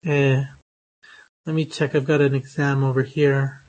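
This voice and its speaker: A man's voice: mid-range voice, little pitch movement, unhurried, darkish tone. A man teaching English phonetics in a lecture, speaking with many hesitations, fillers and restarts. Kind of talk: online lecture.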